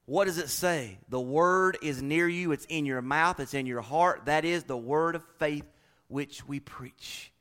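A man preaching a sermon to his church, swinging from hushed, intimate lines up to loud, rousing declarations. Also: a little high, unhurried, smooth. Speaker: pastor.

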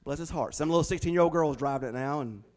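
A man preaching a sermon, telling folksy stories with big swings between loud and hushed delivery. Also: on the high side, fast. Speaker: pastor.

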